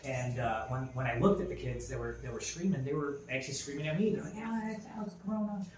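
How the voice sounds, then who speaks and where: A man's voice: medium pitch, fast, a little mellow. A man in his forties co-hosting a podcast, telling a story in casual chat with lots of fillers and restarts. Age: 40s. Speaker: podcast co-host. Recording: roomy echo with faint ambient noise.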